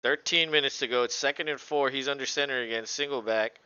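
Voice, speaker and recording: A man with a very bright, smooth voice calls the game play by play in a loose, joking way. He laughs a lot and curses freely. The audio is dull and lo-fi, like a home stream. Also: medium pitch, quick pace, dry recording. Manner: relaxed, laughs often, swears freely. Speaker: co-host doing play-by-play. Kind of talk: casual play-by-play commentary.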